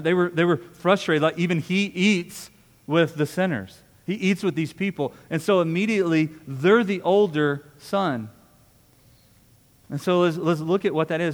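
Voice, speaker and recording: A man preaching a sermon in a conversational way, often repeating words and asking "right?". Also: fairly high pitch. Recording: long hall reverb.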